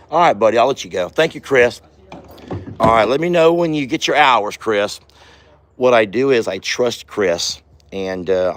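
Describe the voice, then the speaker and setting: Folksy low-voiced farm vlogger man. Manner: folksy, chatty, affectionate toward animals. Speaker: ranch owner and vlogger. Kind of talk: casual vlog narration. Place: outdoors on a farm.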